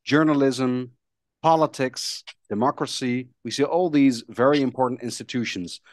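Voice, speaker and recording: A man in a podcast discussion, starting haltingly with many fillers and repeats before listing his points steadily. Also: mid-range voice, fairly even intonation, dry recording, studio quality. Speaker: podcast guest.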